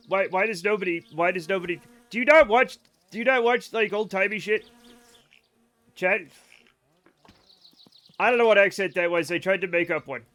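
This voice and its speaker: A man's voice: sits high, moderate pace, pauses often, a bit bright. A man streaming a game live, rambling casually to his chat in a self-amused way.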